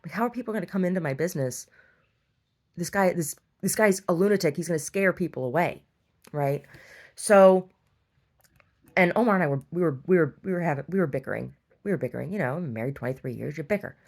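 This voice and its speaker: Speaking a little fast in a low, creaky, somewhat mellow voice, a middle-aged store owner rambles through a lengthy casual story. She becomes exasperated along the way and restarts many times.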